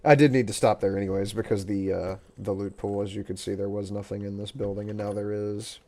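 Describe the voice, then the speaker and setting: A man's voice: fairly low pitch, flat delivery, fairly quick, darkish tone. A young man streaming a survival game, chatting casually with a friend in a rambling, joking way. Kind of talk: casual gaming chat.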